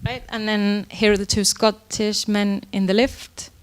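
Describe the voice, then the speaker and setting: A woman's voice: mid-range voice, flat delivery, unhurried, a little hiss or hum. A woman lecturer giving an academic presentation on pronunciation teaching, explaining with frequent fillers and self-corrections. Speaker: university lecturer.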